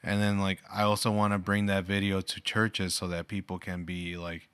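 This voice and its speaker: A man co-hosting a casual podcast, talking earnestly and trailing off softly. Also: low voice, little pitch movement, normal speed, clear, resonant tone, no room sound, clean studio sound. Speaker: podcast co-host. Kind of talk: casual chat.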